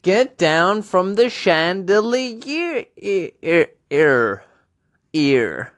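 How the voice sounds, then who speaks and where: A man putting on a high, insistent scolding voice in a comedic impression. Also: very animated, very slow, a bit bright, exaggerated voice. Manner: insistent, repeating itself.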